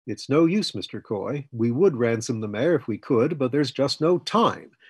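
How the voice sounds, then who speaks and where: A man voicing Fletcher, a calm, firm older mentor who talks in a measured, persuasive way. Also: medium pitch, slightly rough, dry recording. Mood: earnest.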